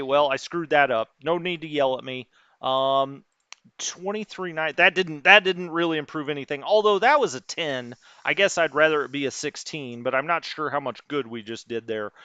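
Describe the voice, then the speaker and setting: A man's voice: a little high, normal speed, sharp tone, clear, resonant tone, no room sound, dull audio. A man streaming a strategy wargame, muttering through unit numbers and chatting with his live chat. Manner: thinks aloud, muttering over unit numbers.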